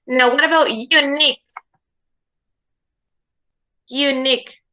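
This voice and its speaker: Slow, bright-voiced woman teaching English. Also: high-pitched, fairly even intonation. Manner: slow, repeating words for students to echo; checks understanding with frequent "okay?". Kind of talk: online class instruction.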